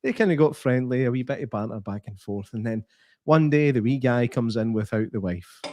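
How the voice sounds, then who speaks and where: A man's voice: mid-range voice, animated, fairly quick, dark tone, no room sound. Teasing Scottish man telling a story. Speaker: podcast co-host. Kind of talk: casual chat.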